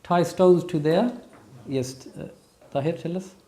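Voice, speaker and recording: Speaking a little slowly in a fairly high pitch, a man teaches a religious lesson to a classroom of students. He quizzes them as he goes, staying lively and pressing his points with emphasis in this interactive class.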